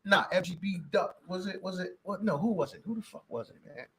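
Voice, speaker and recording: A man's voice: high-pitched, fairly quick, sharp tone. A man in a casual debate among friends, talking profanely, often cutting in and restarting his sentences.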